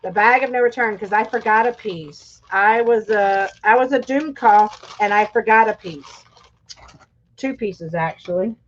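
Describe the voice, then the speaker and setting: A woman's voice: mid-range voice, measured pace, muffled recording, slight background noise. A woman chatting casually to viewers on a live stream, her throat irritated and coughing. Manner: chatty, talks straight to viewers. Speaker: livestream host; schoolteacher.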